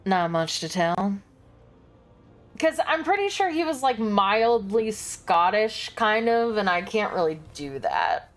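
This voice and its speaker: A woman's voice: on the high side, expressive, measured pace, few pauses. A woman streamer chatting casually while playing a game, self-deprecating and chatty.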